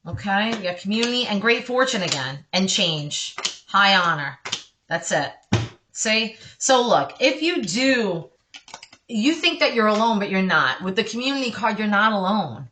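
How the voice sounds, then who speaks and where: A woman's voice: medium pitch, big pitch swings, normal speed, noisy background. A woman doing a casual tarot reading for her viewers, chatty and reassuring, breaking off often for apologetic asides. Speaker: tarot card reader.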